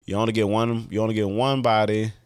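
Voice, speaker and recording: Guy with a really low voice doing a solo podcast, halting, lots of likes and restarts, swears a bit. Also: level tone. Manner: halting and candid, many fillers and restarts, swears freely. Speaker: podcast host. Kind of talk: casual podcast monologue.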